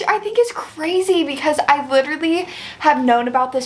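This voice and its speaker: Young woman, high voice, chatty and effusive book vlogger. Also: normal speed. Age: young adult. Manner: chatty and effusive, many "like" fillers. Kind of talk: casual book review vlog.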